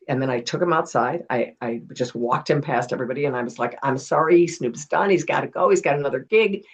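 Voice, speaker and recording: A middle-aged woman, a retired television producer, telling animated stories as a guest in a casual interview. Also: low voice, slightly rough, dull audio. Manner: animated storyteller acting out quotes.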